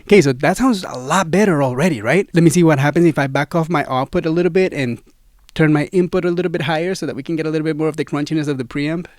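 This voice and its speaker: A slightly high-voiced man chats eagerly about his gear, checking in with the listener as his friend. He is recorded close on studio mics in a dead, dry home studio. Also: quick pace, darkish tone, no room sound. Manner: enthusiastic, chatty, addresses viewer as friend. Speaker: gear reviewer. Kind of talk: casual demo talk to camera. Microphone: studio microphones, swapped during test.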